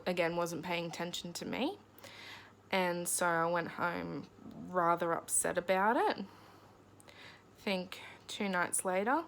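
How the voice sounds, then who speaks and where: Young woman with a creaky voice. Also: lowish voice, a little hiss or hum. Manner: halting, emotional storytelling with pauses. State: close to tears. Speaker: vlogger. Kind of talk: personal diary vlog.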